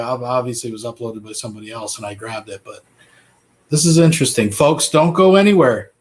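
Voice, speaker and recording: A man from Canada hosting a live stream, commenting bluntly and talking straight to his viewers. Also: mid-range voice.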